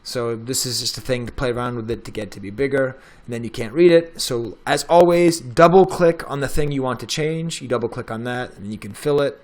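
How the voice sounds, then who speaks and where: A middle-aged man, a professor, walking through a software tutorial in a casual, chatty way as he clicks through the steps. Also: mid-range voice, brisk, few pauses. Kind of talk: screen-recorded tech tutorial.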